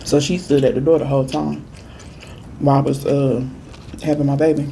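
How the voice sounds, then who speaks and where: A woman food vlogger chatting through a storytime while she eats, with emphatic repeats and lively quoted voices. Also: very deep voice, fairly quick, vocal fry, a little hiss or hum. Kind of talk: casual storytime while eating.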